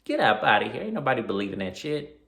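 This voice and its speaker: A man reviewing a horror film in a casual vlog, retelling the plot in a slangy, animated way. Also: mid-range voice, fast, vocal fry. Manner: slangy, animated storytelling with acted quotes. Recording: roomy echo.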